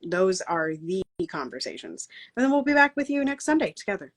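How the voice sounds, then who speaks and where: A woman's voice: mid-range voice, very animated, a little fast. A woman co-hosting an online talk show, chatting casually and running through announcements with many fillers and laughs. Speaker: co-host.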